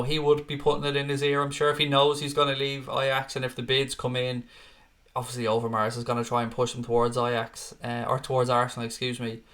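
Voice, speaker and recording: Bright-voiced sweary male stream host. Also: medium pitch. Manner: sweary, reads viewer comments aloud. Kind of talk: casual live stream chat.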